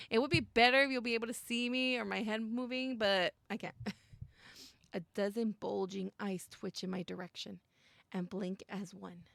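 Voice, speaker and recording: Excitable young woman with gravelly fry. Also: medium pitch, moderate pace, no echo. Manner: excitable, gasps and squeals at scary moments, mixes in Spanish. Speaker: streamer playing a visual novel. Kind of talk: reading game text aloud with reactions and chat.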